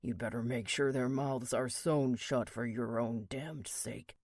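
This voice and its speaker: A man's voice: medium pitch, fairly even intonation, unhurried, darkish tone, no room sound, clean studio sound. A man voicing a raging older male biker club boss who roars threats and swears, in an audiobook. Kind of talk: audiobook character reading.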